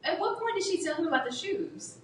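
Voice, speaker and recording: A woman in a casual book chat who chimes in with quick agreements and short questions. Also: very high-pitched, lively intonation, a little hiss or hum. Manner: brief eager agreements and interjections. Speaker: podcast co-host. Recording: roomy, distant mic.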